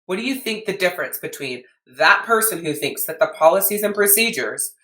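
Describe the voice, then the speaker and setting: A woman's voice: on the low side, expressive, brisk, pushed and bright, roomy sound. A woman business coach with an American accent telling a story in a blunt, emphatic podcast rant, swearing freely.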